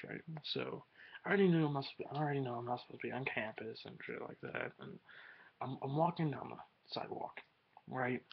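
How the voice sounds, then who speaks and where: A man's voice: medium pitch, vocal fry, slightly rough, highs cut off. A teenage boy rambling in a casual webcam vlog, slangy and swearing a lot. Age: teens. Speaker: vlogger.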